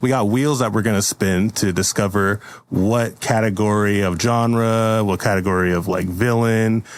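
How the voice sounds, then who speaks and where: A man's voice: fairly low pitch, fairly even intonation, moderate pace, no room sound. A man hosting a casual podcast, talking in a hyped, playful way and laughing often. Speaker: podcast host.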